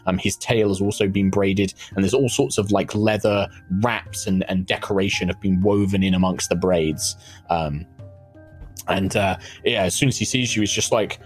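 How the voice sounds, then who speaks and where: A man's voice: deep voice, steady tone, moderate pace, slightly rough, soft background music. A man serving as game master, narrating a tabletop game in a loose, conversational way with many fillers.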